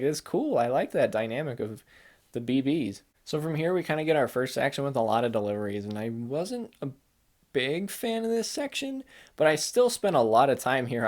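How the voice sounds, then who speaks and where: A man's voice: mid-range voice, darkish tone. A young adult man in a casual chat, rambling with enthusiasm and acting out quoted lines in put-on voices. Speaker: game reviewer.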